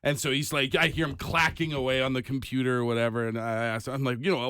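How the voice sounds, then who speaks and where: A man's voice: medium pitch, fast talker, clean tone, no echo, studio quality. A Canadian man co-hosting a podcast, telling stories in casual chat and laughing often. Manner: animated storytelling, laughs often. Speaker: podcast co-host.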